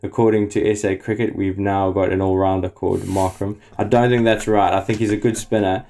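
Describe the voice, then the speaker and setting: A man's voice: lowish voice, flat delivery, fairly quick, dark tone. A man giving an enthusiastic, casual cricket update as a podcast correspondent. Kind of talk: casual chat.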